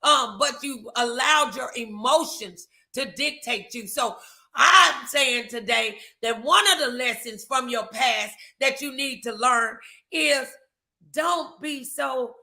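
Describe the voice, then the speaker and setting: A woman's voice: a little high, slow, gravelly, pushed and bright. A woman co-hosting a podcast, giving emphatic faith-based advice, repeating her phrases. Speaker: podcast co-host.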